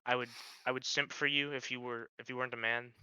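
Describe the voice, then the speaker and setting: A man chatting jokingly as a podcast guest, trailing off softly at the ends of his thoughts. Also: mid-range voice, flat delivery, quick pace, clean tone, no echo. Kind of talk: casual chat. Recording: dull lo-fi mic.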